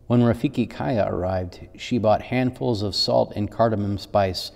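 A male pastor reads a children's story in a gentle, unhurried manner. His voice is low and mellow, and a long reverb from the church hall trails behind it. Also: vocal fry.

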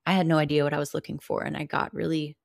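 Gravelly-voiced woman telling her story. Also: low-pitched, level tone, rapid-fire, dry recording, clean studio sound. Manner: earnest, candid, swears casually. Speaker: podcast guest. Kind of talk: personal storytelling in a conversation.

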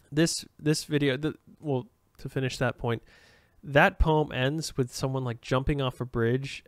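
A man's voice: mid-range voice, clear, resonant tone, no room sound, clean studio sound. A man hosting a solo podcast, rambling and self-aware, with frequent restarts and fillers. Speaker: podcast host.

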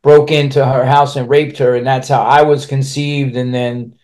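A man's voice: medium pitch, level tone, moderate pace, a little mellow. A man speaking as a podcast guest, telling a personal story candidly and bluntly, swearing freely and restarting his sentences as he rambles on.

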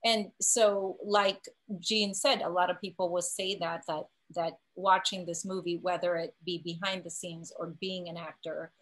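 A woman, an actor, telling a story on a video call in a lively way that acts out other people's voices. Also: lowish voice, moderate pace, hardly any pauses, poor audio. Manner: animated, acts out quoted voices. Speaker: actor and cast member. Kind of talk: casual storytelling on a panel.

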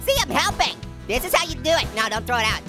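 A man voicing an excitable, earless cartoon character who hosts silly gameplay commentary and giggles constantly. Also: very high-pitched, quick pace, music in the background. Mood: giddy. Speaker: gaming host.

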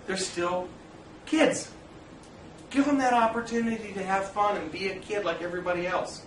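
A man speaks earnestly to fathers in a roomy space, his slightly high voice carrying some echo. He talks plainly and directly, weaving in personal stories. He stands back from the mic, and a faint background hiss sits under him. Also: moderate pace, fairly bright tone, recorded from a distance. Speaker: parent speaker addressing fathers. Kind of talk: informal talk to an audience.

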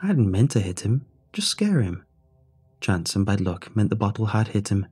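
Husky, dark-voiced male narrator. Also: lowish voice, sing-song, normal speed, faint music behind. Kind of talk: scripted horror story narration.

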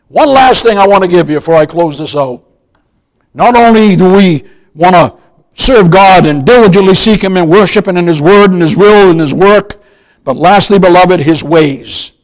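A man's voice: sits high, expressive, moderate pace, long pauses, low-quality recording. An older man preaching a sermon as pastor, emphatic, often calling his listeners "beloved" and asking them questions. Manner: emphatic, repeats "beloved", asks the congregation questions.

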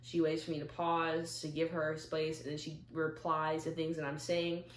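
A young woman with a fairly low voice talks to camera from her chair at home, chatty and animated, acting out little bits of dialogue as she goes. The room rings with noticeable echo, with a faint hiss underneath. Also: normal speed. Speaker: vlogger. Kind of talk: casual talk to camera.

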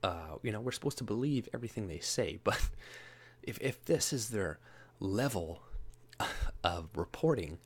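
A man with a somewhat low voice rambles through casual commentary, laughing often. He mocks others by jumping up into a higher-pitched imitation of them. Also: animated, unhurried, husky. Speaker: political commentary vlogger.

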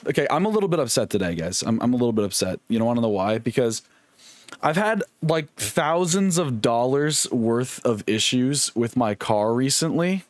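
A young man streaming a video game, chatting casually in a rambling, jokey, excitable way and swearing often. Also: medium pitch, normal speed, no room sound. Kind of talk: casual live-stream gaming chat.

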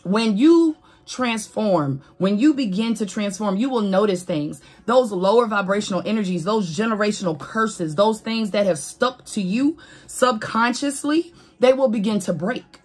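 A woman giving a casual spiritual reading to camera, animated and preachy, talking straight to her viewers with swearing and laughs. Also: mid-range voice, moderate pace. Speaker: tarot reader.

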